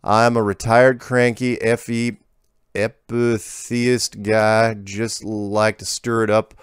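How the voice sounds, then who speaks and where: A man voicing a cranky retired rural old-timer with a slow folksy country drawl and broken grammar. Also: fairly low pitch, flat delivery, clear, resonant tone, no room sound, studio quality.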